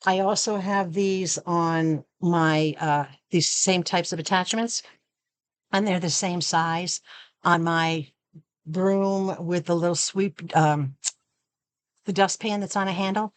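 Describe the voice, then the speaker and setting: A woman's voice: lowish voice, clear, resonant tone. A woman chatting casually through a product unboxing, showing each item as she talks. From Arizona. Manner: chatty, shows items while talking. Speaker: product review vlogger.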